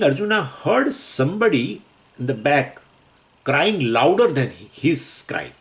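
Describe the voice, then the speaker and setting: A middle-aged man gives a scripture class at an even, middle pitch. He explains Sanskrit terms in plain English and chuckles often between points. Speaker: Vedanta scripture teacher.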